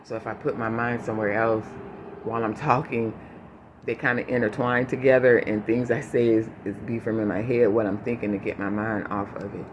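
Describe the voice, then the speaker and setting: Guy giving a choked-up update to his viewers, halting, lots of ums, steady background noise. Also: on the low side, lo-fi sound. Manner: halting, with many fillers and restarts, holding back tears. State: emotional, choking up. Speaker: vlogger giving a family update. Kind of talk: unscripted personal update to viewers.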